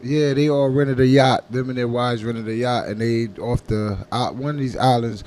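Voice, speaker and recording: A man's voice: mid-range voice, fairly even intonation, normal speed, a little mellow. A man co-hosting a comedy radio show, telling teasing, profane stories in casual banter. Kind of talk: joking banter.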